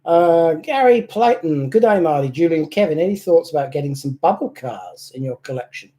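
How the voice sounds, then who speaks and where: A man's voice: fairly high pitch, lively intonation, a little fast, warm tone, a little hiss or hum. A middle-aged man hosting a casual live stream about model cars, joking and chuckling at himself. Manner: joking, chuckling, self-deprecating. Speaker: host of a model-car channel.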